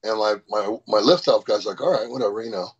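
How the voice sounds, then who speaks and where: A man guest in a casual interview, telling an animated, profane story about powerlifting. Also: on the low side, quick pace, slightly rough. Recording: dull lo-fi sound.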